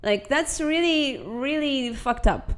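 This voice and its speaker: A woman's voice: high-pitched, slow. A young woman who is not a native English speaker, casually and animatedly telling a travel story as a vlogger, swearing now and then.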